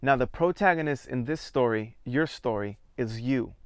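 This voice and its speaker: A man at medium pitch with a smooth, resonant voice guides a theatre exercise. He speaks calmly and in measured steps, counting the group in. The sound is close and dry. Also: no room sound. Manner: calm, measured, counts students in and prompts them. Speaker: theatre workshop leader.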